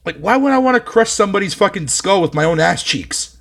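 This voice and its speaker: A man's voice: high-pitched, animated, brisk, fairly bright tone. A young man from Canada chatting on a live stream, reading his chat aloud with profane, mocking banter.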